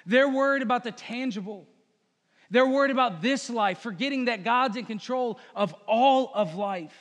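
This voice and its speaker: High-voiced preacher man in a reverberant hall. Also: normal speed, a bit bright. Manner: earnest, emphatic preaching with repeated phrases. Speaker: pastor. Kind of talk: sermon.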